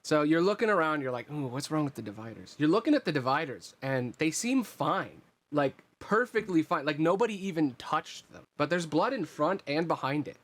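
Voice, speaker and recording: A man's voice: a little high, expressive, normal speed, hardly any pauses, a bit bright. A young man casually narrating a tabletop game as game master, with a loose, swearing, laid-back delivery.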